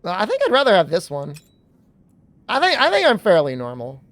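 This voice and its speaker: Rambling man streamer, higher voice. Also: huge pitch swings, a little fast, fairly bright tone. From New England. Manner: rambling, heavy filler words, chuckles often. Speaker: game streamer. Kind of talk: casual chat while gaming.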